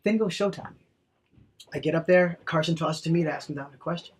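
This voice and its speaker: A man, a TV host, telling a lively anecdote and acting out the dialogue as a guest on a talk show. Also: fairly high pitch, fast, a little hiss or hum.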